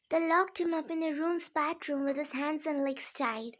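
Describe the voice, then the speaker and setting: A woman's voice: high voice, moderate pace, few pauses, a bit bright. A woman narrating a first-person fan fiction story in an earnest, simple way.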